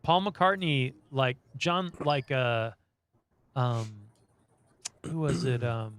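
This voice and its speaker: A man's voice: mid-range voice, expressive, slow, smooth. A man co-hosting a podcast, chatting casually with a blunt, profane, joking manner. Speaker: podcast co-host. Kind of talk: casual chat.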